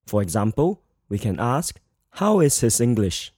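A man giving a scripted Mandarin grammar lesson, speaking in a measured way and slowly repeating model phrases. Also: mid-range voice, big pitch swings, darkish tone, slightly rough, no echo, clean studio sound. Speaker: Mandarin teacher.

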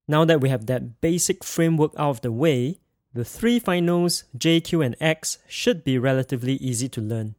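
A language teacher leads a pinyin pronunciation lesson, speaking carefully and repeating sounds for his students to echo back. His voice sits on the high side with a darkish tone, and the audio is studio quality.

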